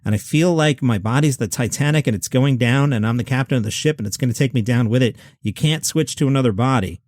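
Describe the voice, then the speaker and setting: A man's voice: medium pitch, no echo, studio quality. A man hosting a podcast, retelling a comedian's stories and acting out the voices in them. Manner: animated storytelling, acting out quoted voices. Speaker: podcast host.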